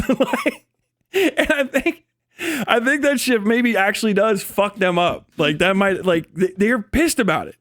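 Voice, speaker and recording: A man's voice: sits high, expressive, moderate pace, fairly bright tone, dry recording, clean studio sound. A man talking casually on a livestream, rambling and swearing, often laughing and trailing off. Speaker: live streamer.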